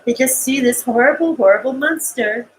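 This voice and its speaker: A woman's voice: high-pitched, normal speed, rough recording. A woman on a live stream, talking to her chat in a rambling, distraught way, tearful at times, with bitter laughs between thoughts. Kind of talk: emotional live-stream monologue.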